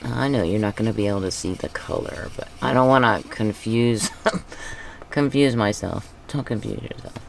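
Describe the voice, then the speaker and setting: A woman hosting a craft video, chatting casually as she paints, thinking aloud and talking to herself with soft chuckles. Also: very deep voice, normal speed, vocal fry, slight background noise. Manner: soft chuckles between remarks.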